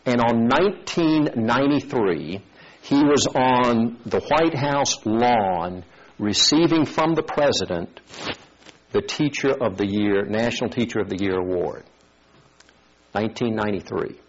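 A man preaching a sermon, telling a story and acting out its voices in an animated way. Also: mid-range voice, unhurried, lo-fi sound.

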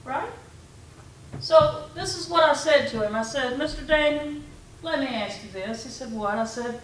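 A woman's voice: fairly high pitch, moderate pace. Woman preaching in an echoey hall. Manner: conversational storytelling preaching, quoting her own talks. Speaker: pastor. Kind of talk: sermon. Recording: echoey room from far off, faint background noise.

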